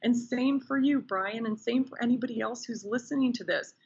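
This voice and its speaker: A woman chats as a podcast guest, her voice husky and slightly breathy. She tells her stories eagerly and expressively. The sound is a little dull and lo-fi. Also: a little high, brisk. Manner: enthusiastic, animated storyteller. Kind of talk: casual interview chat.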